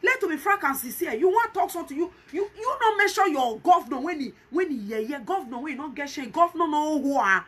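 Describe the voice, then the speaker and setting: A woman's voice: high-pitched, lively intonation, quick pace, few pauses, a bit bright. A woman with a Nigerian Pidgin accent giving emphatic, repetitive vlog commentary and pleading with viewers. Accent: Nigerian Pidgin English. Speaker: vlogger.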